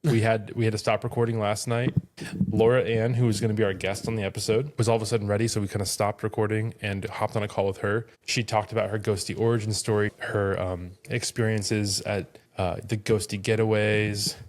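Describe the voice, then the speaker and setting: A man with a fairly low voice co-hosts a podcast in a relaxed, casual way. He rambles and fills his sentences with plenty of "like" and "um." His tone stays friendly and conversational throughout. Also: fairly quick. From Florida. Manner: rambling, chatty, lots of fillers. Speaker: podcast co-host. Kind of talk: casual chat.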